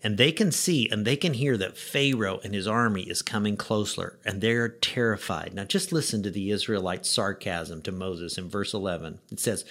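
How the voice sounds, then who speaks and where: A middle-aged man, a pastor, giving a short devotional message in a conversational, gently wry way with rhetorical questions. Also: fairly low pitch, normal speed, hardly any pauses.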